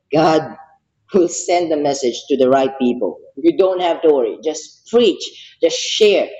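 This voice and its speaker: With a fairly high-pitched, dark-toned voice, this Bible reader reads scripture aloud, comments passionately and emotionally, then prays. It's a devotional reading captured in lo-fi sound.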